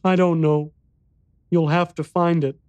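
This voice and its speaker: A small, solemn boy, as a man puts on a raised child's voice. He speaks in a high voice, quiet and grave, flatly stating grim facts. The voice sits dry and close. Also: measured pace, no room sound, dull audio, natural voice. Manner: quiet, grave, matter-of-fact.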